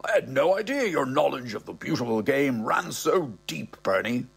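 Plummy older Irish gent, pompous and easily flustered, voice pushed up high, put on by a husky male narrator. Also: very animated, moderate pace, a bit bright, soft background music, full character voice. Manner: plummy, old-fashioned exclamations. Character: pompous posh older man, doting and flustered.

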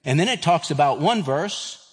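A pastor in his fifties delivers a sermon in a slightly higher voice, reading scripture and telling a self-deprecating story. His voice rings with the long reverb of a large hall. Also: lively intonation, moderate pace, breathy edge. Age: 50s.

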